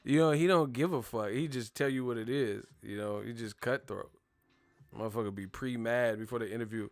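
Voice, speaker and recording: Fairly quick and medium-pitched, this young male boxing show host rants on his live stream with plenty of profanity. He's animated and keeps breaking into mimicry of whoever he's discussing, with no echo on the audio.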